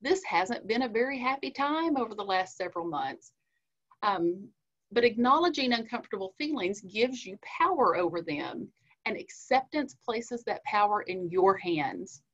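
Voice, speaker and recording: A woman's voice: medium pitch, lively intonation, normal speed, a bit bright. A woman, a licensed counselor giving an earnest, conversational webinar talk on coping with feelings. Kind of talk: webinar presentation. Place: indoors, online webinar. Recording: muffled lo-fi audio.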